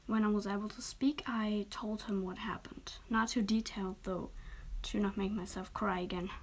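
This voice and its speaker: Young woman narrator; soft, whispered role-play reading. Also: medium pitch, fairly even intonation, normal speed. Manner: soft, often whispered, occasional stumbles. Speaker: story reader.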